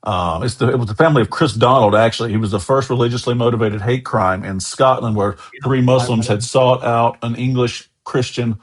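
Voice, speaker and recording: A man's voice: mid-range voice, brisk, few pauses. American male guest, mid-range voice, chatty anecdotal storyteller. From USA. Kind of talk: casual interview storytelling.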